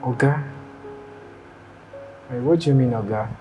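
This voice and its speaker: A man's voice: medium pitch, a little slow, a little mellow, natural voice, poor audio. A man playing a coaxing flirt. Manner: smooth, coaxing, hesitant. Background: music.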